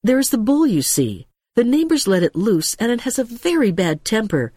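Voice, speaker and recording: A woman's voice: on the high side, sing-song, normal speed, warm tone, slightly rough, dry recording, studio quality, voice pushed up. A woman voicing a flustered, kind woman who babbles nervously. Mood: babbling. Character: flustered middle-aged woman, chatty and kind.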